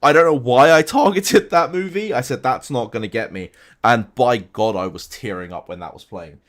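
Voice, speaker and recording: A young game streamer talks casually from his room at home during a live stream, answering viewers' questions and often restarting his sentences. His voice sits at a medium pitch and moves at a moderate pace.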